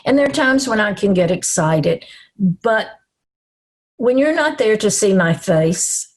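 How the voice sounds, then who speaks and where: An older woman from the American South with a Southern accent, presenting at an online summit in a slow, calm and reassuring way. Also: medium pitch. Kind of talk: webinar presentation.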